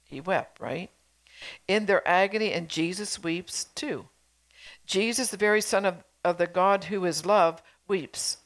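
Earnest lower-voiced woman preaching. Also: unhurried. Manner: earnest, exhorting with rhetorical questions to the congregation. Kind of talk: sermon.

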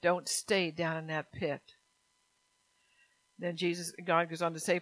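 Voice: medium pitch, level tone, a little slow, long pauses, a bit bright, dry recording, low-quality recording. Preacher mid-sermon: fervent, repetitive exhortations, mid-range voice, dry close sound.

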